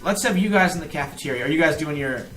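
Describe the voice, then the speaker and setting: A man narrating as game master of a tabletop game, lively and often laughing. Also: fairly high pitch, fast talker. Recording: roomy echo, faint music.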